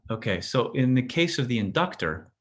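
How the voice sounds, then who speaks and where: A man's voice: mid-range voice, sing-song, normal speed. Casual male physics lecturer. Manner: casual, self-interrupting, checks in with "right?". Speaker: physics teacher. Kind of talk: classroom lecture.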